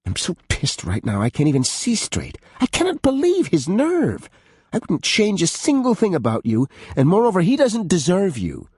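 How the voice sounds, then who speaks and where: A caring, outspoken young woman, as a male narrator voices her, with a raised, husky tone. She talks with a quick, lively lilt, and the sound is close and dry. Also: high-pitched, no room sound, voice pushed up, full character voice. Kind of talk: audiobook character voice.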